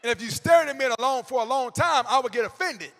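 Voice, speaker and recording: A man, telling comedic stories to educators in an animated way, with bursts of shouting and acted-out quotes. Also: extremely high pitch, fast talker, in a large hall. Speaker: motivational comedic speaker. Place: large hall before a live audience.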